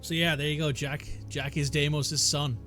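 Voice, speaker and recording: A man's voice: fairly high pitch, little pitch movement, moderate pace. A man giving casual, swearing commentary while playing through a video game. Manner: casual, swears, reacts loudly. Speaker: let's play gamer. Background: game music.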